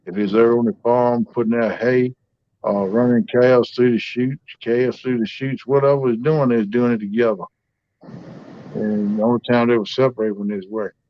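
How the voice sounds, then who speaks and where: A man's voice: medium pitch, steady tone, moderate pace, lo-fi sound. A man hosting a livestream, telling family stories in a folksy, drawling way. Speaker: livestream host. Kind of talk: casual storytelling chat.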